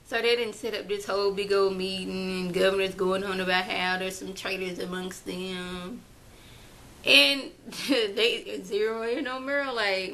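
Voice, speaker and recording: A woman recapping a TV episode in a chatty, animated way, now and then acting out characters' lines in her own voice. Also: mid-range voice, a little slow, poor audio. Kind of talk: casual recap.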